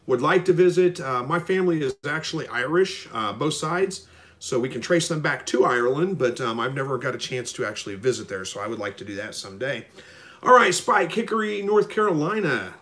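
A man hosting a live stream, reading viewer comments and answering them in a relaxed, rambling way with lots of ums. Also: medium pitch, fairly quick. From Missouri. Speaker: livestream host answering viewer questions. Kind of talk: casual live chat, reading comments aloud.

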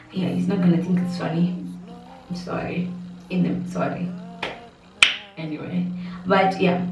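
A woman vlogger telling a personal family story in a rambling way with many restarts, her voice steady and not breaking. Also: mid-range voice. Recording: muffled, roomy, slightly distant.

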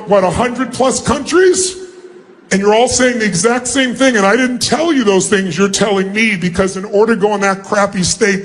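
A man giving a live motivational seminar to a large crowd, commanding the audience and calling for their responses. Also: high-pitched. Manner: acts out quick mock greetings. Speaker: motivational speaker. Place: large auditorium.

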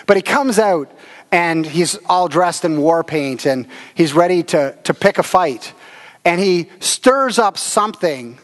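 A man's voice: high-pitched, in a large hall. A man pastor giving a conversational sermon at a church service, telling stories with chuckles and filler words.

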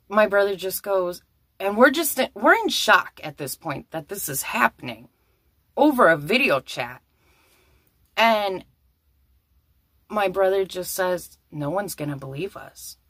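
A young adult woman telling a story to camera in a vlog, excitable and breathless, with many exclamations. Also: medium pitch, takes it slowly, long pauses, dry recording, studio quality.

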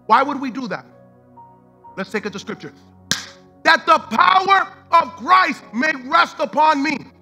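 A man's voice: very high-pitched, lively intonation, unhurried, pauses often, bright, forceful tone, faint music behind. A man preaching a sermon as pastor, fervent and repetitive, mixing in street slang and the odd line of Spanish.

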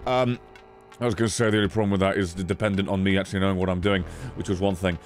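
A man streaming a card game, giving casual commentary, swearing often and breaking into sudden high squeals. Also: steady tone, racing, music in the background.

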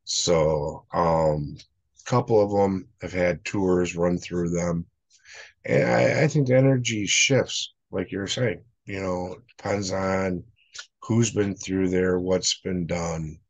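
A male paranormal investigator co-hosting a casual interview, plain-spoken and relaxed. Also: low-pitched, slow. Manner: relaxed, plain-spoken, fillers like "you know".

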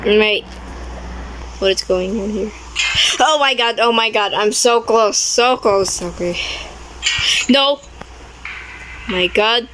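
A woman's voice: mid-range voice, slow, pauses often, noisy background. A young woman commenting on her own gameplay, easily startled, with frequent exclamations and non-native English grammar. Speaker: gaming video creator.

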